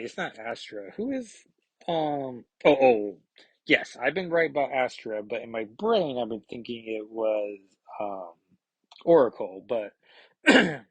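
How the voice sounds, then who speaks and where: A man talks through a comic book issue in a loose, rambling way, full of ums and restarts. His voice is slightly husky and sits at an ordinary pitch. The sound is dry and close to the mic. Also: no echo, low-quality recording. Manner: rambling, filler-heavy, reads dialogue in quick put-on voices. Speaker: comic book podcast host. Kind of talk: casual comic read-through with commentary.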